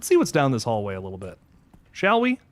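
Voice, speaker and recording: A man hosting a horror game let's play, talking to viewers as he plays, jumpy and excitable, swearing when startled. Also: medium pitch, fast talker. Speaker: gaming channel host.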